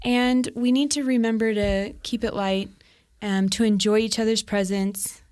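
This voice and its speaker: A woman's voice: on the high side, steady tone, moderate pace, a little mellow. A woman co-hosting a podcast with her husband, often backing him up with short agreements and adding her own points. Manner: affirming, chiming in with short agreements. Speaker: podcast co-host. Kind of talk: casual conversation with her husband.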